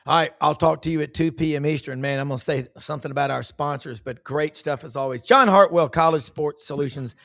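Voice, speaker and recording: A man's voice: fairly high pitch, brisk, vocal fry, hardly any pauses, a bit bright, no room sound, clean studio sound. Effusive folksy sports talk host, man. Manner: effusive, folksy, talks in bursts. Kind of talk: live radio-style sports talk.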